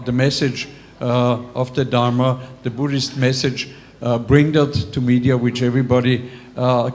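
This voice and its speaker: A man giving a closing remark on a conference panel, hesitant with many pauses. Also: mid-range voice, a little mellow.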